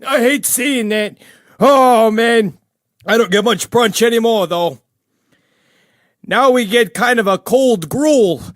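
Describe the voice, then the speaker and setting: A man's voice: very high-pitched, slow pace, long pauses, no room sound, studio quality. A man playing a rambling, pious, petty jailed older killer in a comedic character monologue, full of gossip and sudden outbursts.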